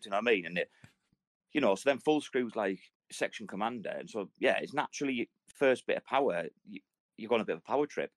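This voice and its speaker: Here a lowish, expressive male voice is captured in a dry recording. As a podcast host, he spins army stories rapidly in crude, easygoing banter, voicing the people in them as he quotes them.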